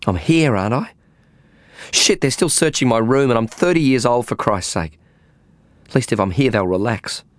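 A man's voice: medium pitch, animated, normal speed, no room sound, voice pushed up, close to an everyday voice. A man voicing a restless, needy thirty-year-old woman in an audiobook, pleading and agitated.

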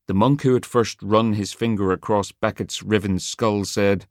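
A man narrating an audiobook in a measured, dramatic storytelling manner. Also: fairly low pitch, steady tone, dry recording, studio quality. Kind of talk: scripted narration.

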